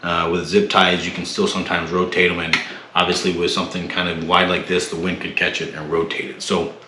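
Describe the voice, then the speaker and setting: Male tech host, deep voice, casual unboxing, echoey room with faint hiss. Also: a little fast. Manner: relaxed, many fillers and restarts. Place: home room.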